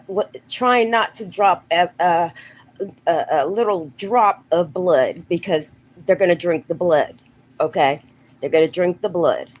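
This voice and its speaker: A woman casually retelling a story in a slow, meandering way, full of fillers and restarts, slipping into quick quoted voices. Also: fairly low pitch, a little mellow. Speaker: storyteller host.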